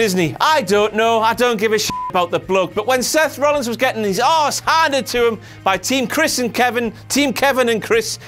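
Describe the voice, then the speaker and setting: A man's voice: very high voice, fairly bright tone. A man who hosts a comedic wrestling review, ranting with heavy swearing and sarcasm.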